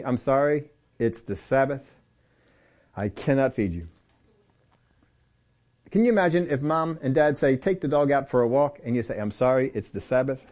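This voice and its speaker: Preaching a Bible sermon, a man whose voice is on the high side and darkish in tone speaks with emphasis and repeats phrases to drive points home. He talks straight to his listeners, occasionally calling them by name.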